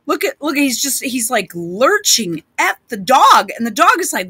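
A woman's voice: fairly high pitch, animated, a little slow, hardly any pauses, bright, forceful tone, husky, no room sound. A woman vlogger giving rambling, blunt commentary over video clips, with many restarts and frequent swearing. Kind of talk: casual commentary while playing clips.

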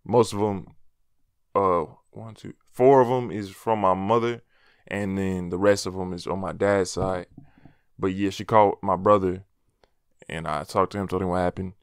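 A man's voice: deep voice, steady tone, normal speed, clear, resonant tone, no room sound, clean studio sound. A young man telling a personal story in a loose, slangy, cursing storytime vlog, laughing at himself now and then. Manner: casual, slangy, swears often; laughs at his own story. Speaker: vlogger.

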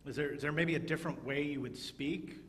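A man leading a church service as pastor, talking to children with playful, animated emphasis. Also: on the high side, a little fast, long reverb tail, a little hiss or hum. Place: church sanctuary.

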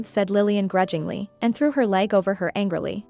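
A woman reading a scripted story aloud as narrator, steady and even. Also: medium pitch, a little fast, gravelly. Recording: faint background music.

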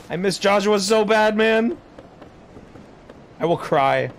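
A young man with a high, gravelly voice comments slowly on his game stream, with a little hiss or hum in the recording. He rambles, curses without restraint, and cries out loudly when the game surprises him.

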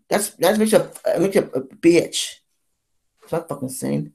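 A young adult vlogger in their twenties, speaking at a mid pitch in a long, rambling rant. They sound fed up and keep circling back to the same complaints, tripping over false starts along the way. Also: animated, normal speed, vocal fry, darkish tone. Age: 20s. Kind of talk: ranting vlog monologue.

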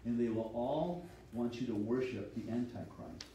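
A man's voice: mid-range voice, normal speed, dark tone, far from the mic, a little hiss or hum. A man preaching a sermon as a pastor, teaching steadily and reading scripture aloud. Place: church sanctuary. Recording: echoey hall, voice from off-mic.

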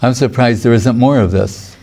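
A man's voice: mid-range voice, moderate pace, mellow. A man giving a lecture on scripture as a spiritual teacher, digressive, chuckling now and then and quoting Sanskrit verses.

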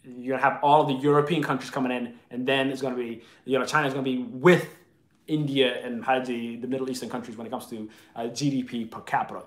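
A man's voice: medium pitch, flat delivery, quick pace, reverberant. A man hosting a live video chat, answering viewer comments in an opinionated, argumentative way.

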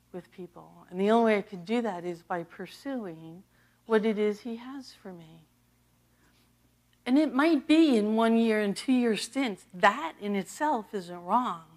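A woman's voice: medium pitch, expressive, takes it slowly. An American woman, an associate pastor, preaching a sermon in a conversational, storytelling way and acting out the dialogue.

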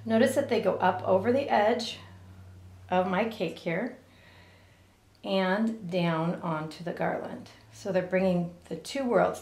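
A middle-aged woman giving a step-by-step cake decorating lesson, explaining each move gently and carefully. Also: mid-range voice. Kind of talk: step-by-step demonstration. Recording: echoey room.

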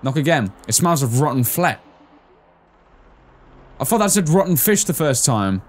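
Chatty young gamer, lively pitch. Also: male voice, normal speed. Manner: chatty, jokey, reads on-screen lines aloud. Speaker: gaming channel host. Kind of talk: casual let's-play commentary.

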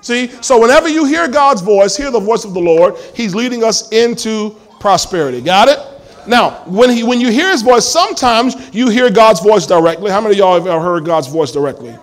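A man's voice: high-pitched, lively intonation, a little fast. A male pastor preaching a sermon in a church, emphatic and full of call-and-response questions to the congregation.

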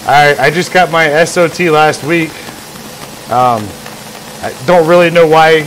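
Man on a workshop livestream, casual, rambling and jokey, a bit high-pitched, faint hum behind. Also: a little slow, fairly bright tone, poor audio. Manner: rambling, jokey, acts out imagined scenes. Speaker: livestream host, engraver.

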